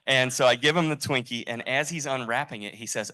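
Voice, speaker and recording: A man sharing an animated personal story at a tribute gathering, laughing as he talks. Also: mid-range voice, brisk, few pauses. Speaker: event attendee sharing a memory.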